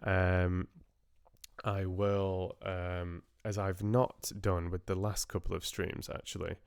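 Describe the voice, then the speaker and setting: Deep, smooth-voiced man chatting on stream. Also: flat delivery, takes it slowly, no echo, studio quality. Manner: rambling, hesitant, restarts his sentences often. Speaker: audiobook narrator hosting a live stream. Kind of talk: casual chat with live-stream viewers.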